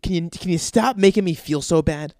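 A man in his thirties riffing through a crude, rambling comedy rant. His voice sits a little high and the sound is dry, with no room around it. He keeps breaking into quick put-on voices. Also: a little mellow, no room sound. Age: 30s. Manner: rambling, profane, acts out other voices in bursts. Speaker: stand-up comedian.

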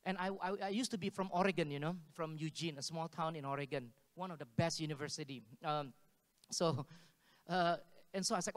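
This pastor's voice sits fairly high and moves briskly. He preaches through storytelling, animatedly performing the characters' voices with laughs, and his words echo through a big hall with long reverb.

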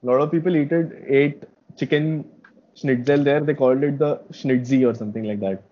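Relaxed young man telling stories. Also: mid-range voice, fairly quick. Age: young adult. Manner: relaxed, reflective storytelling. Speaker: podcast co-host. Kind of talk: casual chat. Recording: dull lo-fi sound.

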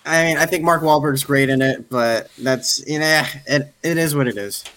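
A man appearing as a guest on a podcast, giving measured, diplomatic opinions on films. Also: a little high, a bit bright. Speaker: guest film critic. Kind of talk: casual chat.

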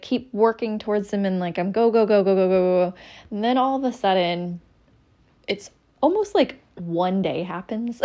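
A woman's voice: mid-range voice, darkish tone. A young adult woman hosting a solo podcast, talking candidly and rambling, with frequent ums and restarts. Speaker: podcast host. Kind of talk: casual solo podcast monologue.

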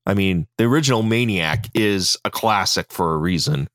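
A man's voice: low voice, moderate pace, a bit bright, no room sound, clean studio sound. A man co-hosting a podcast, chatting casually and enthusiastically about a movie, swearing and laughing often. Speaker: podcast co-host. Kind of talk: casual film review chat.

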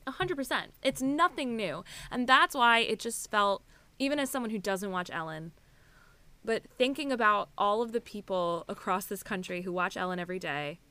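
A woman co-hosting a podcast in loose, candid chat. Her voice is bright and crisp, with a close, dry sound and no room around it. She scatters "like" and "I mean" as she talks. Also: mid-range voice, moderate pace, no room sound. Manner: candid and animated, frequent "like" and "I mean". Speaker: podcast co-host. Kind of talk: casual chat.

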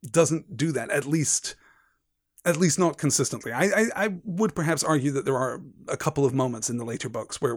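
A man's voice: mid-range voice, dry recording, clean studio sound. A man hosting a book-discussion stream, talking in full sentences and often repeating words while he builds a point. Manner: articulate, repeats words as he gathers thoughts. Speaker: podcast host. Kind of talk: literary discussion and read-aloud.

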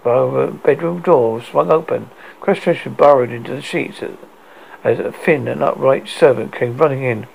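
A man's voice: medium pitch, moderate pace, gravelly, a little hiss or hum, poor audio. A man reading a story aloud with a stumbling delivery, often restarting words.

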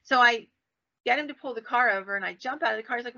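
A woman podcast host telling stories in a casual, animated way, acting out the people she quotes. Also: fast talker, creaky. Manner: animated, acts out quoted voices with big pitch jumps. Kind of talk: casual storytelling. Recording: dull lo-fi sound.

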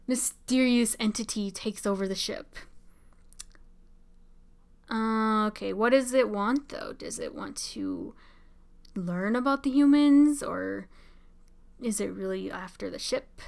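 A young woman casually commenting on a show as she watches, chatty and excitable, often laughing and saying "like". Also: medium pitch, vocal fry, smooth. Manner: chatty, giggly, excitable, many "like" fillers. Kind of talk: casual live reaction commentary.

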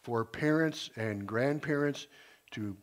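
A man's voice: mid-range voice, slow. Earnest older man preaching informally. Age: 60s. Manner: earnest, rambling with restarts. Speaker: retired teacher speaking at church. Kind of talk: informal sermon talk.

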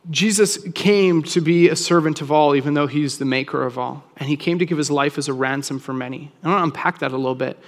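Male pastor, chatty animated preaching, slightly high pitch, reverberant hall. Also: fast talker, few pauses. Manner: casual, animated, acts out quoted voices. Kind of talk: sermon.

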